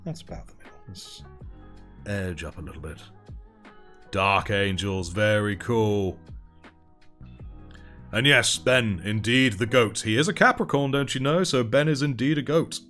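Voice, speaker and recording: Chatty man, lowish voice. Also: measured pace, pauses often, fairly bright tone, soft background music. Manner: chatty, reads out and thanks chat while painting, laughs often. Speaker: livestream host. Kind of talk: casual livestream chat.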